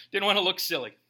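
A pastor with a bright, high voice delivers an animated sermon. His preaching is conversational and full of rhetorical questions.

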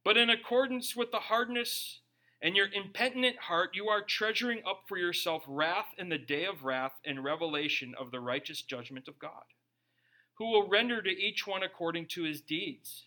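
A man's voice: high-pitched, moderate pace, bright, forceful tone. A man, a pastor and parent, preaching a sermon in a loose, joking way that acts out little quotes. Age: young adult or middle-aged, a parent. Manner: conversational, jokey preaching with acted-out quotes.

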